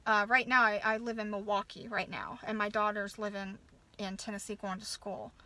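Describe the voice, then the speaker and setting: In this poor-quality recording, an American woman in her thirties, a nurse and mother, rants angrily to the camera. Her mid-range voice sounds pushed and bright with fairly even intonation. She swears a lot and keeps stopping and restarting.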